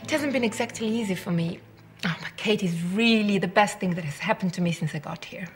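A woman's voice: mid-range voice, fairly quick, soft background music, lightly acted. An actress playing a friendly, lonely Italian woman with an Italian accent, chatting earnestly at a dinner party in a sitcom.

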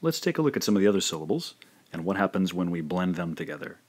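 A man's voice: low-pitched, big pitch swings. A man teaching a language lesson, carefully pronouncing syllables one by one in a scripted instructional narration. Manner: slow, careful syllable-by-syllable pronunciation drills.

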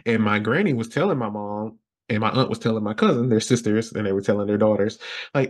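A young man from Alabama, a podcast guest telling his story casually and acting out his younger self with lively exclamations. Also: fast. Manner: animated, acts out his past self with high exclamations and laughs.

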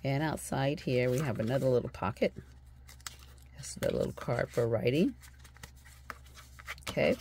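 A woman's voice: very deep voice, unhurried, pauses often, a little mellow, a little hiss or hum. A woman hosting a crafting video, chatting casually as she shows her journal and thinks aloud with fillers, sounding tired and yawning.

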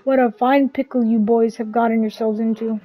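A woman's voice: a little high, fairly even intonation, brisk, lo-fi sound, lightly acted. A woman reading as a wise old kettle elder. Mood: advising.

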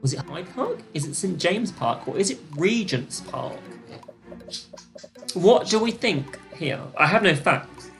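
A young British woman hosting a live-streamed trivia quiz, chatty and gossipy, with excited gasps and lots of fillers. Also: on the low side, a little slow, gravelly, music in the background. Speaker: quiz host.

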